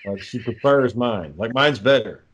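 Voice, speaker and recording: A man's voice: medium pitch, lively intonation, a little slow, lo-fi sound, slight background noise. A man telling dry, profane anecdotes in casual podcast chat. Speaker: co-host.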